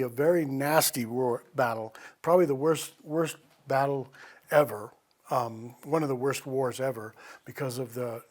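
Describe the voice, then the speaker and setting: Brief: male storyteller, middling pitch, thoughtful and meandering, reads poems and tells tales. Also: darkish tone. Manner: reflective, wandering with restarts. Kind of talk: live storytelling and poetry reading.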